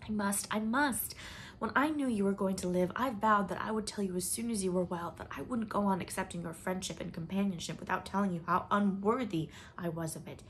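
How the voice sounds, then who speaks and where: A woman's voice: medium pitch, brisk, a bit bright, slight background noise, close to an everyday voice. Woman reading as a young woman in shameful confession. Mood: anguished. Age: young adult. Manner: emotional, at times dropping to a whisper.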